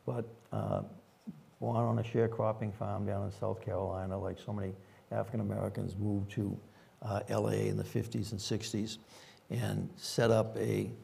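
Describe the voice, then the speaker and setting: A man's voice: fairly low pitch, flat delivery, normal speed, creaky, warm tone, husky. An older man with a Boston accent, a former police chief telling rambling anecdotes with frequent fillers at a conference panel.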